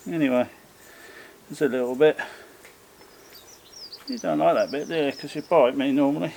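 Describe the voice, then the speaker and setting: A man chatting casually as a bushcraft vlogger in his garden, rambling and self-mocking, often slipping into high coaxing talk for his pets. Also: moderate pace, creaky, pauses often, a little mellow. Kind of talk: casual chat while working outdoors. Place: home garden outdoors. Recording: noisy outdoor garden recording.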